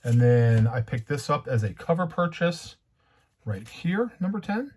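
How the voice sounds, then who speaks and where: On his comic book channel, a man rambles through a casual monologue, conversational at first but turning heated when he rants. His mid-range voice has a darkish, slightly rough tone, and he's very animated while speaking a little slowly.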